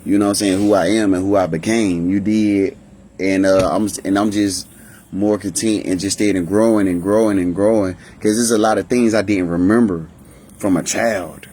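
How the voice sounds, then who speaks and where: A man's voice: fairly even intonation, moderate pace, a little mellow, slight background noise. A young man, telling his life story in a rambling, emotional way, often restarting his sentences. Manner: rambling, emotional, restarts often, voices family members in higher pitch. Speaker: vlogger. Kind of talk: candid personal storytelling.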